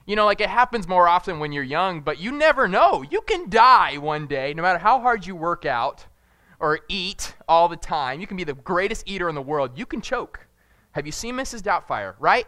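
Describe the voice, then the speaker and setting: A young man preaching a casual sermon, telling rambling, jokey family stories and loudly acting out moments of panic. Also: a little high, clear, resonant tone, no room sound. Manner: jokey, rambling storyteller who shouts acted-out panic. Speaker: pastor.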